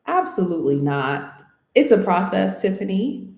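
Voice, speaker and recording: A woman's voice: low-pitched, lively intonation, unhurried, dark tone. A woman from the United States in a casual, reflective interview, talking earnestly, thinking aloud and often checking in with "right?". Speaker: interviewee, channel host. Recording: roomy echo.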